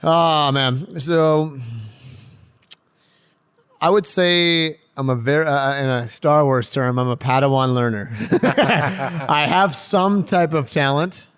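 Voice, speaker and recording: A man, a professional hockey player, telling stories in a casual podcast interview, laughing often and getting loud when excited. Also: on the high side, slow pace, smooth. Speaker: pro hockey defenseman guest.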